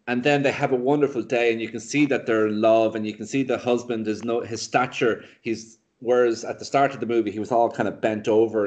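A man co-hosting a casual film podcast, retelling a movie's plot in a rambling, animated way with lots of fillers and restarts. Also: fairly low pitch. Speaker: podcast co-host reviewing films. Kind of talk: casual chat.

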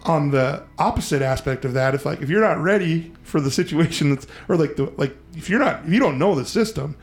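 A man hosting a podcast, telling a story in a casual, profane, animated way and acting out the voices he quotes. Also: fairly high pitch, brisk. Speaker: podcast host.

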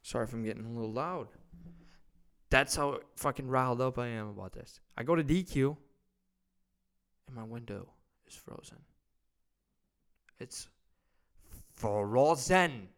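Gravelly, rambling Midwestern young man. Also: medium pitch, moderate pace, pauses often. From Wisconsin. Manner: rambling, swears constantly, self-mocking. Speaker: podcast host. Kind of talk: comedic solo podcast rant.

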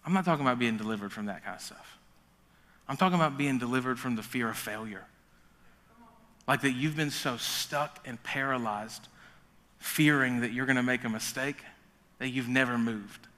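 A man preaching a sermon as pastor, in an energetic, joking manner. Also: mid-range voice, normal speed, pauses often, long reverb tail.

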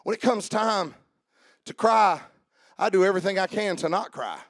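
Man, pastor, preaching a sermon, call-and-response, shouting then dropping low, gravelly texture, dry close sound. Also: normal speed, no room sound. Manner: joking with the congregation.

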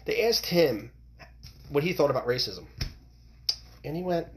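A man's voice: mid-range voice, animated, moderate pace, darkish tone. A man hosting his own podcast, talking bluntly and rambling, with frequent swearing. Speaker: podcast host. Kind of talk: opinionated solo podcast rant.

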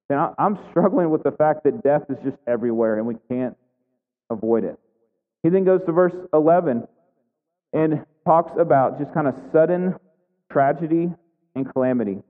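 A man giving a conversational sermon, full of questions and restarts. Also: fairly high pitch. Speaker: pastor. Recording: tinny phone-like sound in a reverberant hall.

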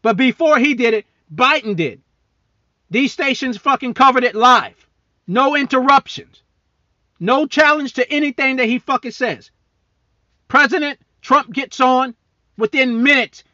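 A high-voiced, bright-toned man rants heatedly into the mic, cursing often and mocking his targets. His voice sits up high and sounds sharp and forceful. The sound is dry and close, with a dull, lo-fi edge. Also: moderate pace, dry recording. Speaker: podcast host; military service member. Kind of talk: angry political rant.

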